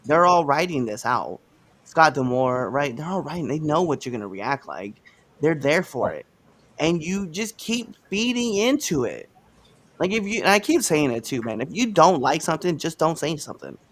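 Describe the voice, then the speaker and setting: A man's voice: a little high, moderate pace. Ranting man on a livestream podcast. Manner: animated, ranting, swears freely. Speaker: podcast co-host. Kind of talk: casual livestream chat.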